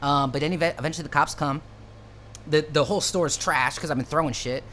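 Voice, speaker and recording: A man's voice: a little high, brisk, fairly bright tone, a little hiss or hum. A man telling a personal story in a loose, profane, slangy way, with frequent restarts. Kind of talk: casual storytelling.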